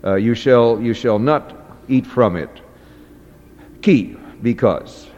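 A man teaching a class, reading a text aloud and explaining it slowly, with many fillers and restarts. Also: medium pitch, darkish tone. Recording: dull audio with long hall reverb.

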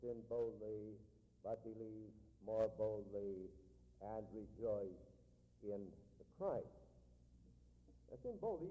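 Emphatic preacher, tinny and echoing. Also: male voice, on the low side. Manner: emphatic, dramatic swings in loudness. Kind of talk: sermon. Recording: tinny lo-fi recording in a large echoing hall.

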